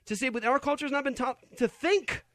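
A man's voice: extremely high pitch, a little fast, a bit bright, dry recording. A man hosting a Christian talk show, arguing his point in an emphatic, incredulous way. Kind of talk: opinionated Christian commentary.

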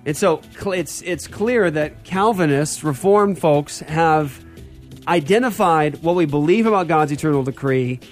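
A man's voice: fairly high pitch, measured pace, faint music behind. A man hosting a church talk show, teaching theology in an emphatic style and repeating key phrases.

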